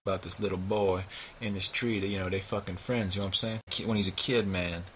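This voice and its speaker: A man's voice: low-pitched, steady tone, fast, a bit bright, slight background noise. A man giving a rambling, profane book review, peppering nearly every line with "you know what I mean.".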